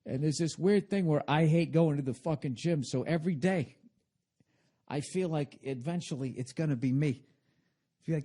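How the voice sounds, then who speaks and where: A middle-aged man hosting a comedic podcast monologue, ranting profanely and swinging between loud and quiet. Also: a little high, moderate pace. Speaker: podcast host.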